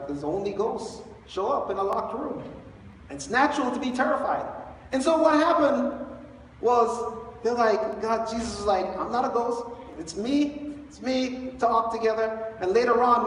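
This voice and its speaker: A high-voiced man preaches from a church stage, retelling a story with lively, joking asides. His voice carries from a distance through a big church hall with a long, echoing reverb. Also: slight background noise. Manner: animated, storytelling with playful asides. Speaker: pastor. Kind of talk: Easter sermon. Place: large church sanctuary.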